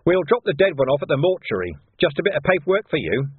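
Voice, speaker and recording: A man's voice: fairly high pitch, very animated, fast, breathy edge, no echo, voice pushed up, full character voice. A man doing a sardonic, intimidating police boss. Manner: dry, mock-cheerful, intimidating. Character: shrewd, sardonic male police commander. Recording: dry phone-like narrow sound.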